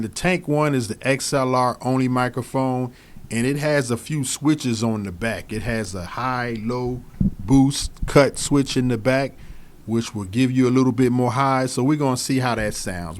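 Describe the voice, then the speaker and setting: A man casually reviewing microphones he switches between, repeating himself and speaking straight to his viewers. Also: medium pitch. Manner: relaxed, repeats phrases, talks straight to viewers. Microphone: studio microphones he switches between.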